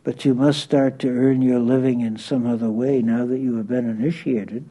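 A man's voice: mid-range voice, flat delivery, normal speed, lightly acted, rough recording. A man reading aloud, voicing a revered spiritual master who speaks kindly but firmly. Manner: kindly, gently firm. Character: revered older male spiritual master, gentle and patient.

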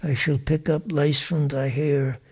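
Man voicing a simple shepherd boy in a spoken parable, husky and plain. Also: fairly high pitch, level tone, measured pace, a little mellow. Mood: tender devotion.

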